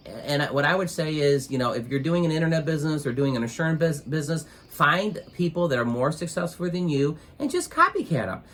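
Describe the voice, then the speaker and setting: A man giving business advice as an interview guest, rambling with many pauses and filler sounds as he tells a motivational story. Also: fairly high pitch, a little hiss or hum. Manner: rambling, many ums, grows animated when retelling.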